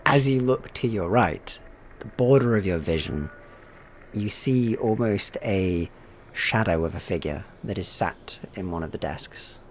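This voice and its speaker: A man narrating a horror tabletop game as game master, with slow, atmospheric description. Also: low voice, lively intonation, a little hiss or hum.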